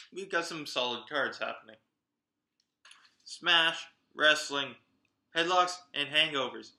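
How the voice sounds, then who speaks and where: Bright, excitable male wrestling vlogger. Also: a little high, echoey room. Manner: chatty, excitable, talks straight to viewers. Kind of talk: casual event roundup.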